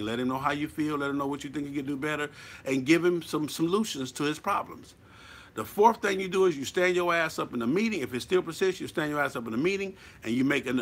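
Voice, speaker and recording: A man's voice: a little high, a bit bright, breathy edge. A man giving blunt, profane, preachy advice as a motorcycle club member in a casual monologue.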